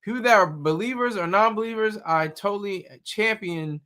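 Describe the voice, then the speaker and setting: Man, streamer, taunting casual commentary, tense bright tone. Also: high voice, moderate pace. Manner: combative, mocking, repetitive. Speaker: streamer reacting to news and chat.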